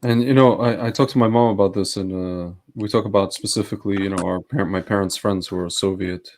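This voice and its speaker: Male podcast co-host, low voice, halting and hesitant, agreeable in casual chat. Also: fairly even intonation, darkish tone, a little hiss or hum.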